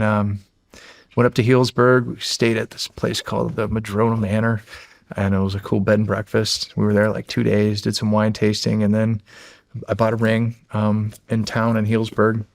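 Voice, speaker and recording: A middle-aged man from the United States, a former Navy SEAL, telling stories as a podcast guest in a loose, animated way with many fillers and restarts. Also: lowish voice, moderate pace, gravelly, no echo, studio quality. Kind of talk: casual storytelling.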